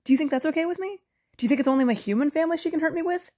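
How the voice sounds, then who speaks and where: A woman's voice: fairly low pitch, normal speed, warm tone, slightly rough. A woman reading a frightened teenage boy. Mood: panicked. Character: frightened teenage boy, the narrator's own character. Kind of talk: audiobook character reading.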